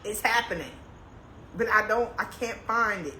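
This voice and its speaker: A woman's voice: mid-range voice, moderate pace, bright, forceful tone. A woman chatting casually on a livestream, laughing as she complains dramatically about a stiff, sore neck and reads out comments. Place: indoors, on a couch. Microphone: phone. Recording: echoey room, faint noise.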